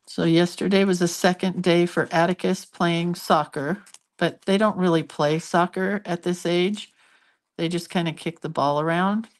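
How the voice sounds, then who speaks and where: Chatty older woman with a lowish voice. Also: steady tone, normal speed. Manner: chatty and giggly, storytelling with asides. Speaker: hand-lettering artist hosting a live stream. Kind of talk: casual live-stream chat while drawing.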